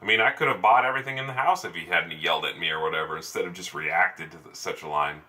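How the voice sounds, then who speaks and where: A man's voice: deep voice, fast, sharp tone, far from the mic. A man in sales telling a story casually, rambling with many fillers and restarts. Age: adult, over ten years in sales. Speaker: salesman vlogger.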